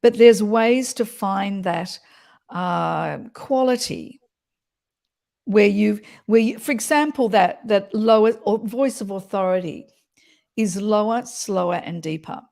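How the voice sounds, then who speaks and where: A woman's voice: medium pitch, takes it slowly, gravelly, a little mellow. A woman voice coach explaining voice qualities in an interview, talking expressively and demonstrating as she goes.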